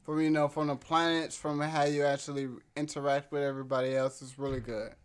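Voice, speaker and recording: A man's voice: a little high, flat delivery, brisk, clear, resonant tone. A man co-hosting a podcast, tipsy and laid-back, agreeable, with casual swearing. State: tipsy from whiskey. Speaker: podcast co-host. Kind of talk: casual drunken chat.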